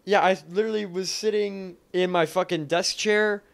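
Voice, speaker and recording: A young man in his twenties with a high, smooth and clean voice. He rambles through a story in easy podcast chat, cursing as he goes. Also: steady tone, normal speed. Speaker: podcast co-host.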